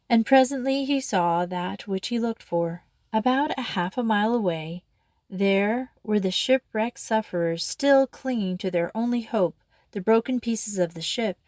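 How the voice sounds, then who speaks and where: A woman's voice: medium pitch, darkish tone, dry recording. Woman reading a story aloud, dry close sound.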